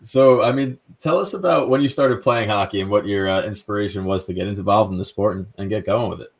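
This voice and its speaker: Deep-voiced man hosting a podcast. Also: brisk, creaky. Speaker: podcast co-host. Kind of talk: casual chat.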